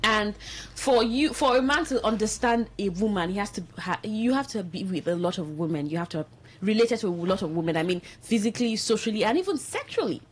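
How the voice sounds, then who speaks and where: A woman hosting a call-in radio show from the studio, explaining slowly and searchingly as she takes calls. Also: medium pitch, lively intonation, a little hiss or hum.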